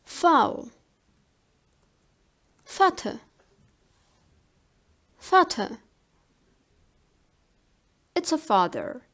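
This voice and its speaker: A woman giving a language lesson, saying each word slowly and carefully, often twice. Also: sits high, very animated, fairly bright tone. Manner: slow, carefully enunciated word drills. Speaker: language teacher.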